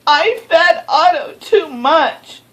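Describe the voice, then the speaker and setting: A panicky little boy pleads for help in a high, breathless storybook voice, as a woman reader puts him on. His words rise sharply and loudly. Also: lively intonation, slow, exaggerated voice, low-quality recording. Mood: pleading. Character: frantic young boy, the story's narrator.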